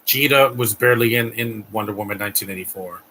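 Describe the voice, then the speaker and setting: A man's voice: fairly low pitch, fast talker, sharp tone, a little hiss or hum, rough recording. A man hosting a live stream, giving a blunt, ranting movie reaction commentary with frequent restarts.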